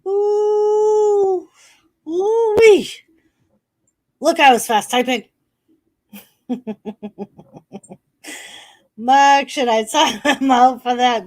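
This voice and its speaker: A middle-aged woman hosting a live watch-party stream, chatting casually, reading viewers' messages aloud and laughing often. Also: high voice.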